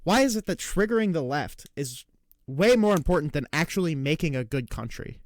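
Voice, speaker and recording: With a slightly high voice and lively intonation, a reaction streamer rants through casual political commentary on a dry recording. He sounds exasperated and swears often, rattling off rapid rants and mimicking opponents with put-on taunts.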